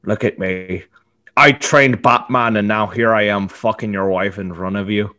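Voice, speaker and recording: A man's voice: on the low side, steady tone, normal speed, bright, forceful tone, pitched below the performer's own voice. A man putting on an Irish accent to play a crude, boastful middle-aged Irish lecher in a comedy podcast bit. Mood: gloating. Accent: put-on Irish. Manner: crude, boastful, mock-grandiose.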